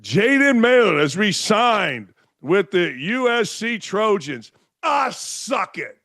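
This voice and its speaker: An older man tears into a sports topic in a loud, sarcastic rant. He mocks people with quick impressions as he goes, and his voice sits higher than most men's. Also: very animated. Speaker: sports radio host. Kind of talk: ranting sports commentary.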